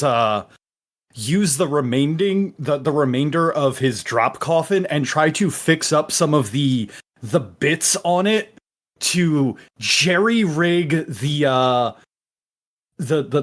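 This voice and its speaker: A man's voice: medium pitch, a bit bright. A man playing a tabletop game, describing his character's actions with many fillers and restarts. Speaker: player. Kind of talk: casual tabletop game play.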